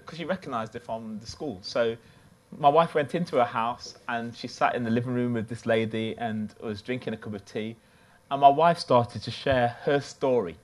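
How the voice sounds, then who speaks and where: A man preaching a sermon from the United Kingdom, telling a personal story in a loose, conversational way. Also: mid-range voice.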